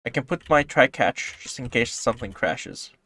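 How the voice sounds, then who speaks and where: Male coding tutor, mid pitch, dry close sound, swings between calm and loud bursts, swears a lot. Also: moderate pace, no room sound. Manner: swings from calm explaining to loud excited outbursts, swears often. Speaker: programming tutorial host. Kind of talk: casual screen-recorded coding tutorial.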